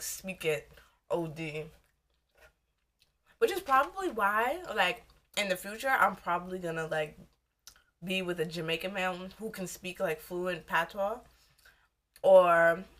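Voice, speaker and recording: A young woman vlogger from the United States, whose voice is lowish and a bit bright, chats casually while eating for a mukbang. Her talk is rambling, loose and candid.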